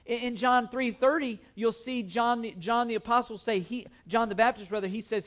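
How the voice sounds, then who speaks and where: High-voiced earnest male preacher. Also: fairly even intonation, moderate pace, hardly any pauses, a bit bright. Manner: earnest, emphatic preaching with repeated phrases. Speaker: pastor. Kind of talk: sermon. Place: church sanctuary.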